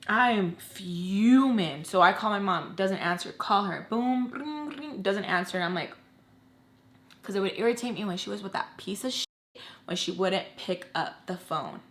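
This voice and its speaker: A young woman telling an emotional personal storytime in casual chat, swinging from quiet to loud, animated and cursing. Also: medium pitch, moderate pace, echoey room. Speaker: storytime vlogger.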